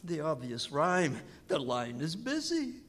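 An actor playing a flustered, fussy official of the cosmos in a rhymed radio play, fretting theatrically in verse. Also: male voice, fairly high pitch, wildly swooping pitch, measured pace, fairly bright tone, exaggerated voice. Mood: fretful. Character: flustered cosmic official, fussy middle-aged man. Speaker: vice president in charge of physiochemistry.

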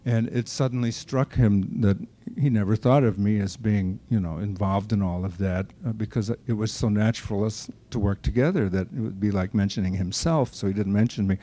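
Mellow-voiced older man reminiscing. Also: fairly low pitch, moderate pace, hardly any pauses. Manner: anecdotal storyteller who acts out quoted remarks. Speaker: interviewee. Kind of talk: reminiscing conversation.

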